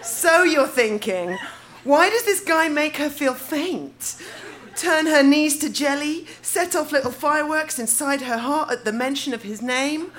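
A woman's voice: high voice, animated, a little slow, a bit bright. A woman, reading her teenage diary aloud on stage at a live show and often breaking into giggles. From England. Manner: giggly, breaking into laughter between lines. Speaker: diary reader.

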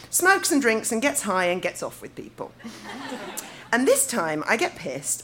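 Giggly bright-voiced woman. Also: a little high, slight background noise. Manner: giggly, laughing through the lines. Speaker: reader of her own teenage diary. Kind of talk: comic reading of a teenage diary before an audience.

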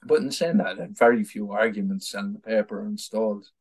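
A low-voiced Irish man talks as an interview guest. He tells stories in an easy, rambling way, stumbling and repeating words as he goes, and laughs now and then at his own anecdotes. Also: fairly quick. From Ireland. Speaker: guest, political activist. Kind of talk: casual conversational storytelling.

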